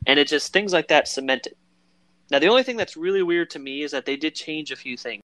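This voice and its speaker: Male podcast co-host, bright and forceful, rambling and filler-heavy, acting out quotes, dry close mic. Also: a little high, animated, quick pace, no echo. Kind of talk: casual chat about a film.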